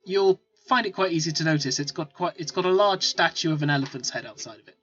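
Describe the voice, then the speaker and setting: A man's voice: a little high, fast, fairly bright tone, close to an everyday voice. A man voicing a friendly, helpful male innkeeper who rambles through directions. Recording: dull lo-fi recording with faint music.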